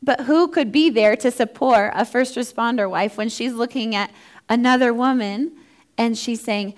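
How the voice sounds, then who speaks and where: A woman's voice: on the high side, moderate pace. A woman in her thirties, founder of a ministry for first responder families, giving an earnest, heartfelt personal testimony. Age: 30s. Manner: earnest, heartfelt, acts out quoted dialogue.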